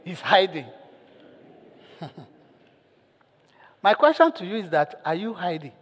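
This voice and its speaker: High-voiced pastor preaching in a reverberant hall. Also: male voice, slow, slightly rough. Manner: animated storytelling, asks the congregation questions. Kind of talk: sermon.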